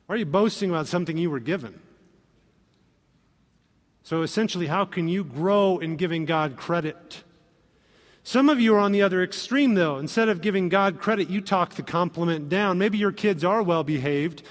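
A man preaching a sermon as pastor, animated and acting out quoted voices. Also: high-pitched, moderate pace. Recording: long reverb of a hall.

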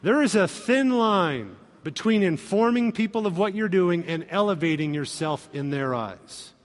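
Guy preaching in a church, high voice, acts out quotes, big echoey hall. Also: expressive, a little slow. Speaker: pastor. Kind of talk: sermon. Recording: long reverb of a hall.

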